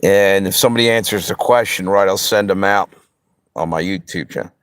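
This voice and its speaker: A man's voice: low-pitched, a little fast, fairly bright tone, dry recording, studio quality. A man from the Pennsylvania and Delaware area, hosting a live stream and chatting casually with viewers in a rambling, easygoing way. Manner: easygoing, rambling, talks straight to the chat. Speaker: livestream host.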